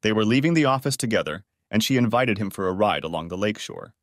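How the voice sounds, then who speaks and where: Expressive male audiobook narrator. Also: lowish voice, fast, no room sound, studio quality. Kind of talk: scripted story narration.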